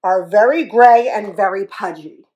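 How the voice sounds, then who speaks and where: A woman's voice: mid-range voice, measured pace, darkish tone, highs cut off, natural voice. A woman voicing a blustering, taunting male elephant bully in a children's story.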